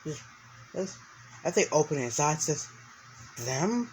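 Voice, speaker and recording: A man's voice: fairly high pitch, moderate pace, a little hiss or hum, rough recording. A man narrating an improvised story, rambling along with many restarts and fillers.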